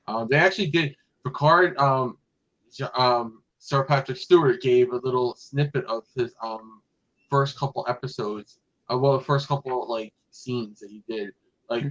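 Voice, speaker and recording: Casual male podcast host, mid-pitched, rambling delivery, slightly muffled lo-fi audio. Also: fairly bright tone. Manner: rambling, many fillers and restarts. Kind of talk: casual fan chat.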